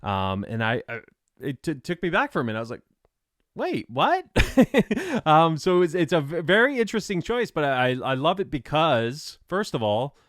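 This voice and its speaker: A man's voice: a little high, sing-song, fairly quick, a bit bright, dry recording. Hesitant male podcast host, dry sound. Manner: hesitant, many fillers, laughs often. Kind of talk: casual interview chat.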